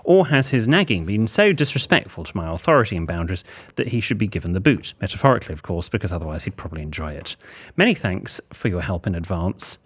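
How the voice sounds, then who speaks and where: A man's voice: deep voice, big pitch swings, fast. A man co-hosting a comedy podcast, reading a listener's letter aloud in a theatrical way with apologetic asides.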